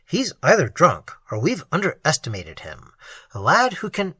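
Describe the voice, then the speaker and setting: A man's voice: fairly high pitch, wildly swooping pitch, moderate pace, sharp tone, slightly rough, no room sound, studio quality, full character voice. A man reading aloud, voicing a bossy young male college student who leads the group and gives curt, commanding orders. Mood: tense.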